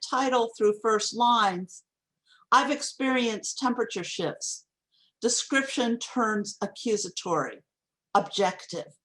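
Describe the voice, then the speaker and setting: A woman giving a craft talk on poetry over a video call, reading lines aloud slowly and deliberately. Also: fairly high pitch, a bit bright. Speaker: poetry workshop teacher. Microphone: video call microphone.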